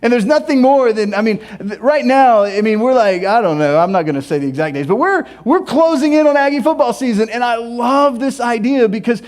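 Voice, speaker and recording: A man preaching a sermon in a church, animated and humorous, repeating phrases for emphasis. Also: very high voice, brisk, hardly any pauses. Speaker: pastor. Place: church sanctuary.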